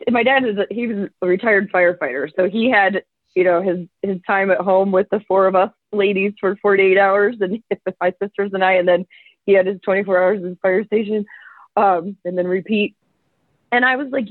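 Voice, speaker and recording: A woman's voice: medium pitch, brisk, no echo. A woman being interviewed as a coach, telling stories and acting out what people said. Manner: animated, acts out quotes. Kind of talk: casual storytelling. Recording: tinny phone-like line, dry.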